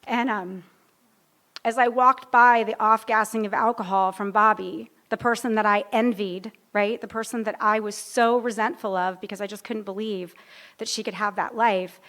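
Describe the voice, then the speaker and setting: At a recovery meeting, a woman in her fifties tells a live audience her own story at a normal speed, her mid-range voice steady and fairly bright. The delivery rambles, with plenty of self-deprecating humor and frequent sidetracks.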